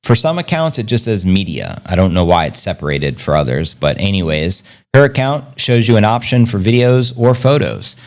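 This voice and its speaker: A man hosting a casual livestream, rambling upbeat and slangy, reading out viewer comments and giving shout-outs. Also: fairly low pitch, big pitch swings, normal speed, hardly any pauses. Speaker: crypto livestream host.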